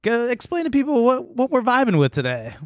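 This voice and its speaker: Hyped dude cohosting a podcast, high voice bouncing all over, lots of teasing and whooping. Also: male voice, huge pitch swings, fairly quick, no echo. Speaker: podcast co-host. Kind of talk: casual chat.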